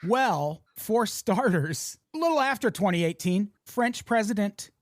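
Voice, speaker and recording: A man's voice: high-pitched, lively intonation, measured pace, no echo. Male podcast host, American, sardonic, profane, dry studio sound. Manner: sardonic, profane, laughs often. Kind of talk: casual comedic news chat.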